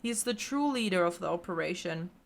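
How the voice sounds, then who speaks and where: A woman's voice: lowish voice, expressive, fairly quick, creaky. A woman voicing a cowardly male guild leader in a fantasy game, whiny and pleading.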